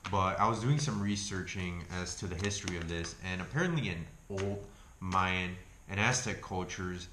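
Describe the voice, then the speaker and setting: Casual male vlogger, Argentine accent, very low voice, loose and profane, echoey room with faint hiss. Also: moderate pace, bright, forceful tone. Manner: rambling, swears freely, self-correcting. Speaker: health food vlogger. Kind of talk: casual chat review.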